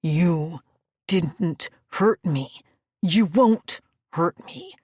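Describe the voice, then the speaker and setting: A fierce, scarred alien warrior man, as a woman voices him with a low, gruff growl pushed well below her own pitch. He speaks through gritted teeth in a husky, breathy tone. It is a dry, close audiobook recording. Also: measured pace, no room sound, exaggerated voice. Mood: stern, growling. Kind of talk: audiobook character voice.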